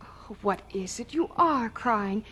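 An actress playing a gentle mother who soothes her son and turns firm when she scolds, in a radio drama. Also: fairly high pitch, lively intonation, takes it slowly, slight background noise. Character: gentle mother of young children.

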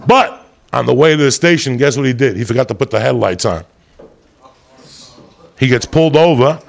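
Gravelly, profane man spinning a story. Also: medium pitch, expressive, normal speed. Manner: profane, rambling, laughs while telling.

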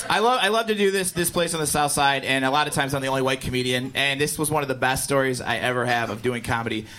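A man from Indiana doing stand-up, telling a club story with animated delivery and shouted impressions. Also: mid-range voice, quick pace. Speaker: stand-up comedian. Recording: live club set with crowd noise.

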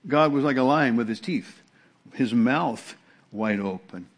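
A man's voice: mid-range voice, unhurried. A middle-aged man preaching a sermon as pastor, in a conversational way with emphatic repetition and frequent restarts.

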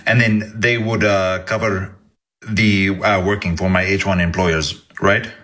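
A man on a prank phone call, putting on an Indian accent and speaking in a hesitant, halting way with many fillers. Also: deep voice, flat delivery, a bit bright. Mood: casual inquiry. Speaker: producer making a prank call.

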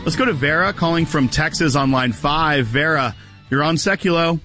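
A man's voice: on the high side, moderate pace, pushed and bright, faint music behind. A man hosting a call-in radio talk show, chatting energetically with callers.

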